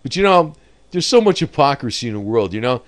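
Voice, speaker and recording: A man's voice: mid-range voice, big pitch swings, brisk. Rambling man chuckling through market talk. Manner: rambling, laughs at his own jokes. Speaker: market commentator. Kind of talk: off-the-cuff market commentary.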